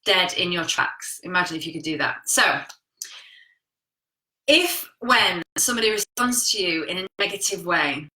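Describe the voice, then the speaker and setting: A woman's voice: on the low side, animated, moderate pace, pushed and bright. Frank, chatty woman in an echoey room. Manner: frank and chatty, with casual swearing. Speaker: coach. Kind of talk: live-streamed talk reading viewer comments.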